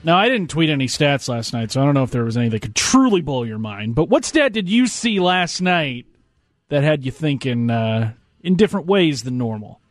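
A man's voice: on the high side, sing-song, normal speed, dry recording, soft background music. A man hosting a sports talk show segment, teasing his co-hosts as he puts questions to them. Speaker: sports radio host running a segment.

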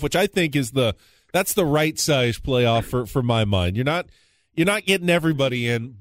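A man hosting a sports radio show, asking measured questions and reading the sponsor. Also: mid-range voice, no echo.

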